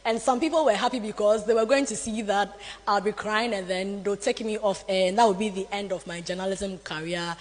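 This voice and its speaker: A woman's voice: medium pitch, fairly quick. Ghanaian woman telling a dramatic story. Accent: Ghanaian English. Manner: animated, dramatic storytelling with acted quotes. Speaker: newscaster. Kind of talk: motivational storytelling talk. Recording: long hall reverb.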